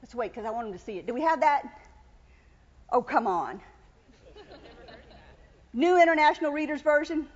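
A woman preaching a sermon in an emphatic, repetitive style, building to loud cries. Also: sits high, animated, moderate pace, pauses often, long reverb tail, highs cut off.

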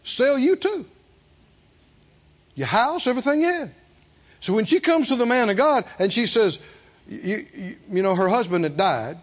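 A man preaching a sermon, animated, acting out the people he quotes and asking the congregation questions. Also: high-pitched, moderate pace, pauses often. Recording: dull lo-fi sermon recording.

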